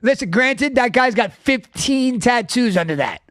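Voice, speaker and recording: A man in his thirties co-hosting a casual comedy show, telling stories fast, swearing and laughing often. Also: very high voice, animated, a bit bright, no echo, clean studio sound. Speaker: podcast co-host.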